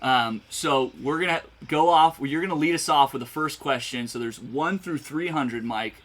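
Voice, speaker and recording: A man's voice: fairly high pitch, normal speed, a bit bright, low-quality recording. A man hosting a live chat show, upbeat and teasing as he runs a question game. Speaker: podcast host.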